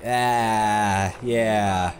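Let's play host, male, slow sarcastic delivery, jokes to the characters, swears when spooked. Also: on the low side, steady tone, slight background noise. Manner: jokey, sarcastic, talks to game characters; swears and yelps when startled. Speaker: gaming video host.

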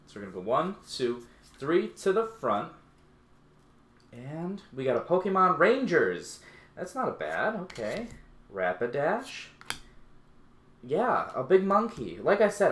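A man giving casual, playful commentary while opening card packs, his voice jumping high when excited. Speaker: YouTube unboxing host. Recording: echoey room.

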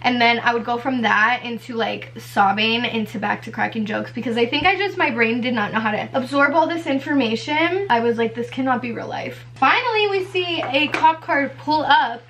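Young woman vlogger, high bright voice, chatty storytime, animated and filler-heavy. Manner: animated, fast-paced retelling with many fillers and acted-out quotes. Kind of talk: casual storytime.

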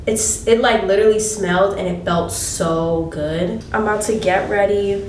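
A young woman vlogging casually from a hotel room, gushing and excitable, sometimes dropping to a whisper. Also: medium pitch, normal speed, hardly any pauses, echoey room, far from the mic, a little hiss or hum. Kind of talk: casual vlog chat.

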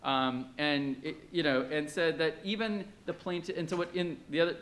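A man's voice: a little high, steady tone, normal speed, a bit bright. A man presenting at an academic conference in a conversational way, with many fillers and questions put to the audience.

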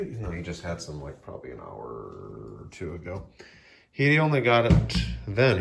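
A man's voice: low voice, expressive, a little fast, creaky. A man filming a casual vlog at home, talking to his cats in coaxing baby talk and often dropping to a whisper. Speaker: cat owner filming his pets. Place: home by a sliding door.

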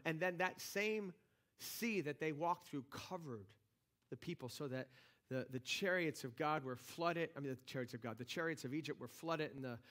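A man's voice: fairly high pitch, a bit bright. A man preaching a sermon as pastor in a church, talking conversationally with lots of restarts and rising energy. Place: church sanctuary.

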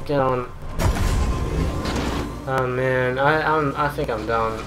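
A woman's voice: a bass voice, slow pace, pauses often. Foul-mouthed raging woman gamer. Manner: swears constantly, swings between yelling and muttering. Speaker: gamer playing a shooter. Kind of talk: gameplay commentary. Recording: loud game noise behind the voice. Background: game gunfire and ambience.

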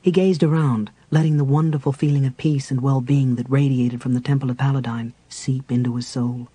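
A man narrating a fantasy novel as an audiobook with even storytelling delivery. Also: mid-range voice, brisk, slightly rough, low-quality recording.

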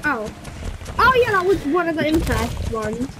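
A young woman talks casually while gaming. Her voice is high, and her talk is playful and full of swearing. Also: very animated, measured pace, heavy background noise. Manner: playful, swears and laughs often.

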